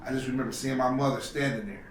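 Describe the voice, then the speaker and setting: A man's voice: mid-range voice, steady tone, quick pace, recorded from a distance, slight background noise. A man telling a personal story on a podcast, acting out the voices of the people in it. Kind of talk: storytelling in casual talk. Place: podcast studio. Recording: roomy echo from off mic.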